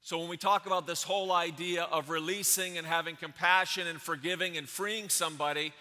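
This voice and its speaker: Man preaching with a ringing, bright voice. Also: on the high side, steady tone, brisk, in a large hall. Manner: emphatic preaching with repeated phrases and swings in loudness. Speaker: pastor. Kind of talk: sermon.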